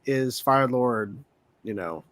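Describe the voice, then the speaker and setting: A man in casual chat as a panelist on a fan show, talking excitedly with fillers. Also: mid-range voice, slow, dry recording. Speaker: podcast panelist.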